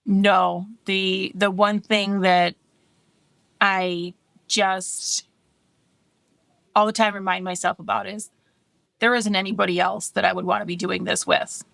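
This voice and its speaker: A woman's voice: medium pitch, flat delivery, a little slow, creaky, long pauses, fairly bright tone, dry recording. A woman in her thirties co-hosting a casual podcast chat, candid and chatty, laughing often. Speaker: podcast co-host.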